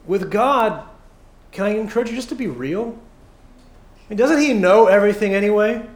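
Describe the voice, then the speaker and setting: A man's voice: high voice, lively intonation, moderate pace, pauses often, darkish tone, roomy sound. A man preaching a sermon in a church, conversational and joking, with many fillers and acted asides. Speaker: pastor. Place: church sanctuary.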